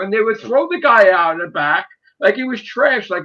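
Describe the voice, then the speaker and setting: A man's voice: sits high, fairly quick, hardly any pauses, dull audio. A man in his forties telling heated, profanity-laced stories in a casual chat. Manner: profane, heated, animated storyteller. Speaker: podcast co-host.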